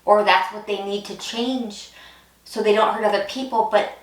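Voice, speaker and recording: A woman's voice: medium pitch, steady tone, moderate pace, echoey room, recorded from a distance. A woman giving a pick-a-card tarot reading, talking in a loose, intuitive way with many restarts. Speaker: tarot reader.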